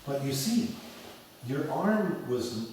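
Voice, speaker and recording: A man teaching piano in a lecture and demo lesson before an audience, talking in an animated way and singing phrases as da da da. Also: fairly high pitch, takes it slowly, slight background noise. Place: large echoey hall with an audience. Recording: echoey hall from far off. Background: piano playing.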